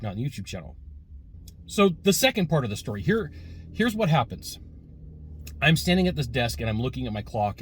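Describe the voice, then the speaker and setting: A man's voice: mid-range voice, slight background noise. A man giving a casual, rambling sales lesson with many fillers and restarts, recorded while sitting in a car. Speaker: sales trainer.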